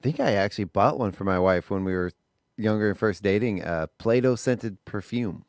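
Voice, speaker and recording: A man's voice: lowish voice, expressive, normal speed, no room sound, clean studio sound. A man co-hosting a radio morning show, chatting in an easygoing, rambling way. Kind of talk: casual radio banter. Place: radio studio. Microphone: studio microphone.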